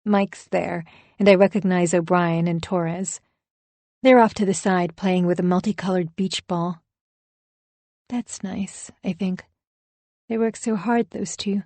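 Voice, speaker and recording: A woman's voice: lowish voice, fairly even intonation, a little slow, long pauses, a little mellow, dry recording. A woman narrating a first-person audiobook thriller with a dramatic, emotionally charged reading.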